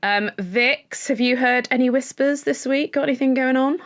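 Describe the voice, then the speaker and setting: A woman in her thirties, co-hosting a podcast in casual chat, enthusiastic and talkative, acting out what people said in quick little voices. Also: high-pitched. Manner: chatty, enthusiastic, quotes others in little acted voices. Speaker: podcast co-host.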